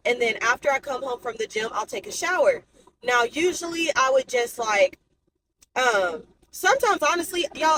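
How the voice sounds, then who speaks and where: A woman's voice: a little high, a little hiss or hum, rough recording. A young woman vlogger talking candidly to her viewers in a chatty, casual way. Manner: chatty, candid, addresses viewers as y'all and baby. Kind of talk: casual talk to camera.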